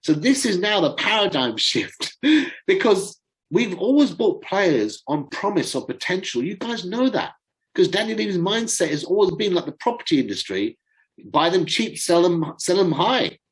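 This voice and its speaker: A man's voice: sits high, big pitch swings, normal speed, rough recording. A middle-aged man hosting a fan channel. He talks through football in a casual, rambling way and sometimes fumbles for names.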